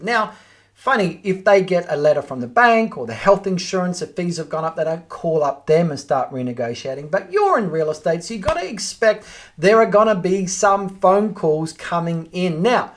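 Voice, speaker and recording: A man giving a direct training talk to real estate agents, acting out sample phone scripts as he goes. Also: high voice. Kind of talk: instructional talk to camera.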